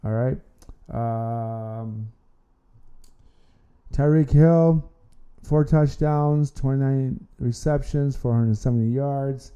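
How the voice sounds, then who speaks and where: A man's voice: mid-range voice, slow, dark tone, smooth, highs cut off. A man hosting an amateur sports podcast, talking casually and rambling, often repeating words and restarting his sentences. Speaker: podcast host.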